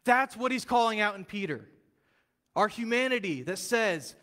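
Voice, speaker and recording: A man preaching a sermon as pastor, telling the story in a lively, casual way and acting out the quotes. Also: high voice, normal speed, big-room sound. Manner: animated storytelling, casual slang, acts out quotes. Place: church sanctuary.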